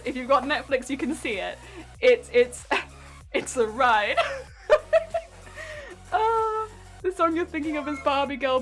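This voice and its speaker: High-pitched chatty young woman. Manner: chatty, giggly, gushing. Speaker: streamer. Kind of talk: casual chat while sewing. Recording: faint background music.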